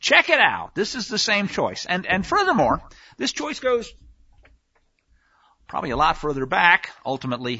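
A man's voice: high-pitched, creaky, bright, forceful tone, breathy edge, muffled recording. A man preaching a sermon on scripture, emphatic, often asking the listeners rhetorical questions. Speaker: Bible teacher.

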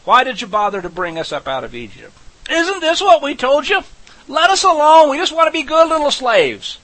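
A man voicing the whining freed Israelite slaves, panicky and self-pitying, in a high mocking wail. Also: very animated, normal speed, a bit bright, heavily acted, rough recording.

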